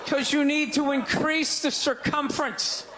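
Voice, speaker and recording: A man with a Boston accent doing a stand-up set on stage, ranting in loud, exasperated bursts that break into shouts. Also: extremely high pitch, steady tone, measured pace. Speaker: stand-up comedian. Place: live comedy stage before an audience. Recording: live crowd laughter, faint background noise. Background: audience laughter.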